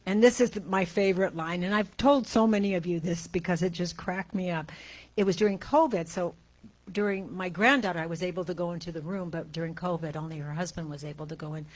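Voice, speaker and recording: Older female minister, lowish voice, conversational sermon and measured prayer reading. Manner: chatty storytelling, then slow deliberate reading. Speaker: guest minister.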